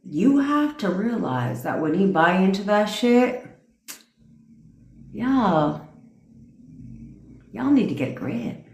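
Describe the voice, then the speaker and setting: A woman's voice: mid-range voice, very animated, slow, pauses often, echoey room. A woman coaching on a livestream, ranting bluntly and profanely and answering viewers' comments. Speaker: manifestation coach. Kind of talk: casual livestream rant.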